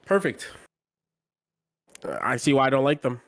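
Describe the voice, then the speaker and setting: A man co-hosting a casual sports chat, mid-pitched and blunt, who states his opinions flatly and restarts his sentences as he thinks aloud. The sound is dry and close, with no room around it. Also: moderate pace, no room sound. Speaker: podcast co-host.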